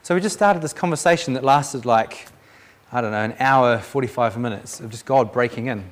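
Speaking a little fast in a mid-range voice, this man gives a Christian testimony as a preacher. His storytelling is lively, he acts out the voices involved, and he frequently starts sentences over.

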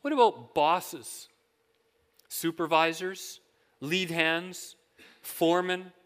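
In a sermon recorded with long hall reverb, this pastor tells stories as if chatting and poses questions to the congregation. He speaks slowly in a steady, slightly high, somewhat bright voice.

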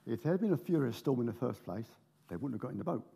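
A man's voice: medium pitch, animated, fast talker, vocal fry, mellow, breathy edge. A man preaching, reading scripture aloud with jokey asides between the verses. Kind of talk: sermon with Bible reading.

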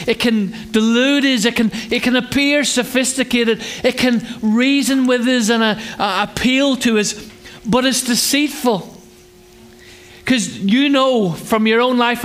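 A pastor delivers a friendly, conversational sermon with a notably high voice. He jokes, asks the congregation questions, and slips into childlike voices for little acted scenes. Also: a bit bright. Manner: acts out children's voices in a higher pitch.

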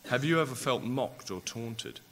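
A man's voice: mid-range voice, animated, normal speed, fairly bright tone. A man preaching a sermon, asking his listeners rhetorical questions and growing impassioned.

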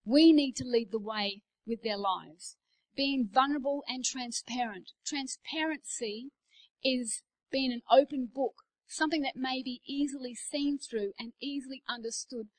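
A woman in her forties giving a conversational sermon to church leaders, telling personal stories, moving between hushed asides and emphatic declarations. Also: high voice, unhurried, rough recording. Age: 40s. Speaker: pastor speaking at a leadership day.

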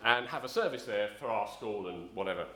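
A man's voice: on the low side, animated, fairly quick, pushed and bright, roomy sound, a little hiss or hum. A middle-aged man from south-east London preaching a sermon, telling a rambling personal story with many ums and restarts. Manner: rambling, self-correcting storyteller, frequent ums.

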